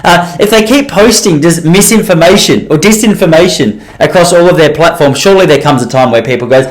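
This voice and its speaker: A man's voice: fairly high pitch, a little fast, hardly any pauses. A man hosting a solo podcast, rambling and self-deprecating, with many restarts. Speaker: podcast host.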